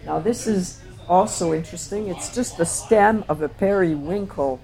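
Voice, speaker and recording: A woman presenting her photographs to an audience, speaking reflectively and often pausing on fillers and restarts. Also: on the low side, warm tone, soft background music. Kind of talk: slide talk to an audience.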